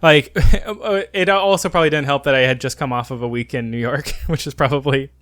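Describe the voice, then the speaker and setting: A man's voice: medium pitch, brisk, fairly bright tone. A man in his twenties co-hosting a podcast, telling rambling travel stories full of fillers and frequent laughs. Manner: rambling storyteller, laughs often, many fillers. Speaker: podcast co-host. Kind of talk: casual chat.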